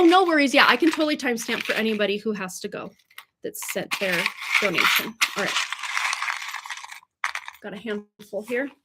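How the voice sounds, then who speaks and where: Casual livestream tarot reader, woman, higher-pitched, rambling and chatty. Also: fairly bright tone. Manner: chatty and rambling, stumbles over words with small laughs. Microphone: livestream mic.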